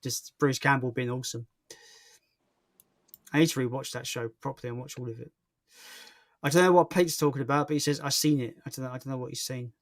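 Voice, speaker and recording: A man's voice: mid-range voice, fairly even intonation, fast talker, pauses often, dry recording, clean studio sound. A man hosting a casual live stream, reading out viewer comments and chatting about films with lots of fillers and restarts. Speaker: stream host.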